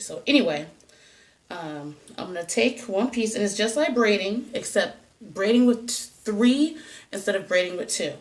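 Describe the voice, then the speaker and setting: With a medium-pitched, somewhat mellow voice, a woman vlogs a hair how-to in a casual, wandering style full of self-mocking jokes. The mic is positioned a little away from her.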